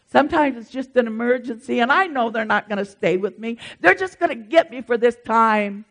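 A pastor, preaching a sermon in a lively, emphatic way and speaking straight to the congregation. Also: medium pitch, fairly quick, few pauses.

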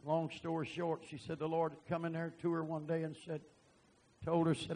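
Husky, high-voiced preacher. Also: male voice, normal speed, rough recording. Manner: animated storytelling, bursts of loud emphasis. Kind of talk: sermon testimony.

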